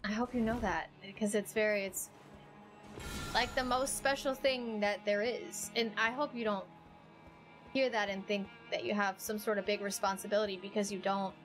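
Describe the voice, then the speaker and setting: A woman live-streaming a video game, chatting with her viewers, rambling and emotional, then excitable during play. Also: mid-range voice, moderate pace, soft background music. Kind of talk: live gameplay stream chat. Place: home streaming setup.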